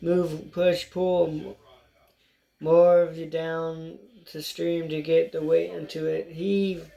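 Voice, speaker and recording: A reader voicing a bellowing male shrew boat chief who yells orders at his crew in a storybook reading. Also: medium pitch, level tone, slow, gravelly. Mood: bossy shouting. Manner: yelling orders.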